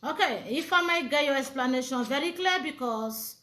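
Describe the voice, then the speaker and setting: A woman interviewing a guest in a live online chat, halting and repeating her questions. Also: high-pitched, animated, sharp tone, roomy sound, a little hiss or hum.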